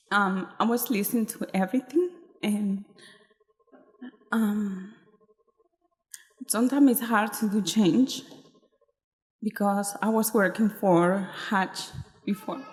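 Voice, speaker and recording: A woman giving public comment at a school board meeting, halting and emotional, apologizing as she speaks. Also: medium pitch. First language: not English. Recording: reverberant hall.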